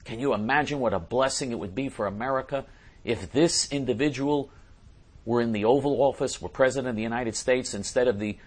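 A man giving a political commentary monologue, emphatic and repetitive, who often clears his throat. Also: mid-range voice.

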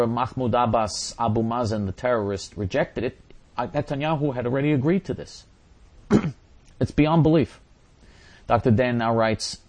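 A man's voice: fairly low pitch, darkish tone. A man hosting a talk show, answering listener messages in a rambling, sarcastic way with frequent restarts.

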